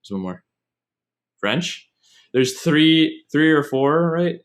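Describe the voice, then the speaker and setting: A young podcast host with a somewhat high voice and lively intonation takes his time as he tells stories. His casual chat rambles loosely, drifting off into digressions.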